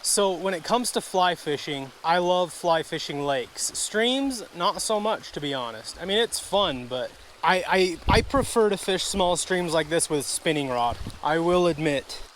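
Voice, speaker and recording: High-voiced man vlogging at a creek. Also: animated, a little slow, fairly bright tone, a little hiss or hum. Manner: chatty, easily frustrated, talks to viewers as folks and guys. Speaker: fishing vlogger. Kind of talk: casual outdoor vlog narration. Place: outdoors at a wooded creek.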